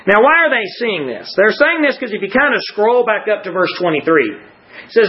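Man preaching a sermon, high voice, dull lo-fi sound, unpacks Greek words, chatty. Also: big pitch swings, a little fast. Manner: explains Greek word meanings, conversational with repeated restarts. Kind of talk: sermon with scripture reading. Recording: slightly muffled lo-fi recording.

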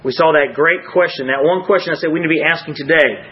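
A man preaching a sermon to a congregation, rising to emphatic peaks and dropping to hushed low lines. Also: fast, highs cut off.

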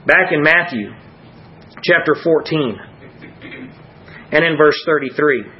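A man preaching a sermon to a congregation, rising to emphatic peaks and dropping to hushed low lines. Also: takes it slowly, highs cut off, a little hiss or hum.

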